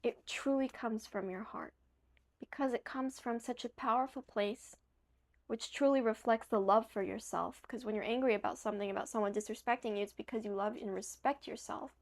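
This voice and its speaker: A woman's voice: fairly high pitch, brisk. A young woman talking straight to the camera, giving earnest, emphatic motivational advice and sometimes correcting herself mid-word; she sounds a little tired. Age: young adult.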